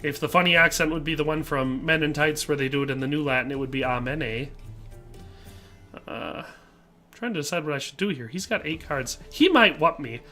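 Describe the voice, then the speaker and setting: This streamer is a middle-aged man from the American Midwest with a Midwestern accent, casually commenting on his live gameplay and reading chat aloud, fillers throughout. He speaks quickly in a voice on the high side, pushed and bright. Soft background music plays.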